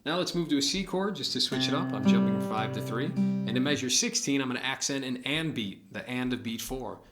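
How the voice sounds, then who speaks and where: Male guitar teacher, mid-pitched, counts beats while playing, loud acoustic guitar underneath. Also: expressive, fairly quick. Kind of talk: casual guitar lesson.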